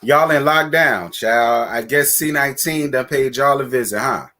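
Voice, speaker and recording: A man hosts a casual live stream and talks to his viewers in a sassy, blunt way, full of cursing. His pitch sits at an everyday middle height, and he moves from playful shout-outs to frank, cutting remarks. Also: normal speed.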